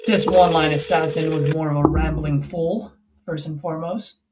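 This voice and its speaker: A man's voice: fairly high pitch, fairly even intonation, normal speed, very noisy. A man guesting on a livestream who talks in an easygoing, joking, self-deprecating way. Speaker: guest sales closer. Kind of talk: casual livestream chat.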